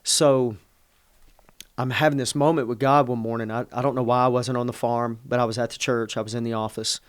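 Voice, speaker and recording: A middle-aged pastor shares a personal story in conversation, speaking fairly quickly in a smooth, mid-range voice with little pitch movement. He is earnest and emotional, often breaking off to restart sentences. The recording is clean studio sound with no room noise.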